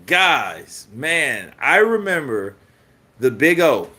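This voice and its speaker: Bright-voiced, profane boxing stream host. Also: male voice, mid-range voice, expressive, a little slow. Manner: profane, joking, reads viewer comments. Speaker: host of a boxing news channel. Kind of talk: casual live-stream commentary.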